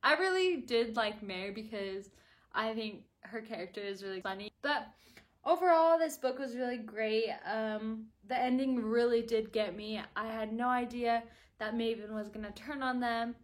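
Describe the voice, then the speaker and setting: A woman talks straight to her viewers in a casual video review and gushes about a book she loved. Her voice sits fairly high. She tumbles from one thought to the next, packing her sentences with "like". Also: moderate pace. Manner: gushing and chatty, with constant "like" fillers.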